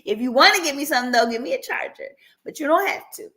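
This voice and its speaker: A woman's voice: high voice, expressive, fast, pushed and bright. A woman hosting a casual live stream, chatty and laughing often, talking aside to her dog.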